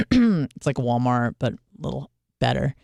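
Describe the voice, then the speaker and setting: A woman's voice: rumbling low, big pitch swings, unhurried, creaky, mellow, no room sound, studio quality. A woman in her twenties, a radio host, telling a candid, self-deprecating story with plenty of swearing. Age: 20s. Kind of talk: casual monologue.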